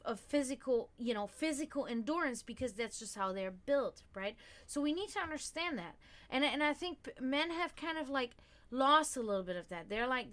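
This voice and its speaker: A woman's voice: sits high, a bit bright. A woman hosting a casual livestream, talking candidly and rambling with lots of fillers and swearing. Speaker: livestream host.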